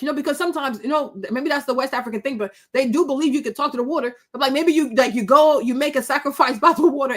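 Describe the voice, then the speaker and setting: A woman's voice: high voice, fast talker, hardly any pauses. A woman in her thirties hosting a vlog, giving emotional commentary, tearful at times and repeating her phrases over and over. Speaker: vlog host.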